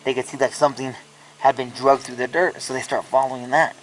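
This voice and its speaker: A man's voice: mid-range voice, flat delivery, brisk, slight background noise, low-quality recording. A man casually telling a ghost story, rambling with lots of filler words and restarts.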